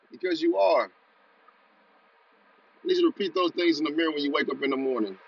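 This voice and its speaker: A man's voice: a little high, fairly quick, creaky, husky, lo-fi sound. A man hosting a podcast, giving an urgent motivational talk and leading the listener in repeat-after-me chants. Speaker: podcast host.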